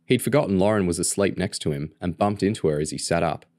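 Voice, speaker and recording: Deep-voiced man reading a novel aloud. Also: fast talker, no room sound, studio quality. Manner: steady, plain storytelling. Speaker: audiobook reader.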